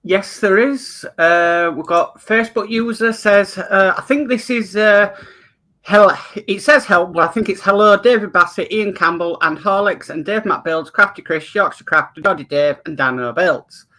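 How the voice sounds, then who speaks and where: A man with a high, bright voice reads viewer messages aloud as co-host. He stumbles a little over the words as he goes. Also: moderate pace. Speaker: co-host reading out viewer chat.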